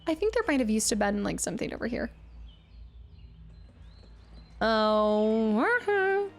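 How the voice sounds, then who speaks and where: A woman's voice: a little high, very animated, normal speed, faint music behind. A young woman streaming a game, chatting casually and joking around with silly voices. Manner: playful, jokey, trying out silly voices.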